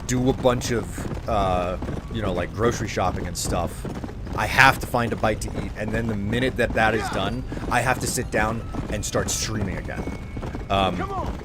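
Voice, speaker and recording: A man's voice: on the low side, normal speed, background noise. Easygoing man in his late thirties. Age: late 30s. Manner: easygoing, rambling. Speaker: streamer. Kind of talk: casual livestream chat.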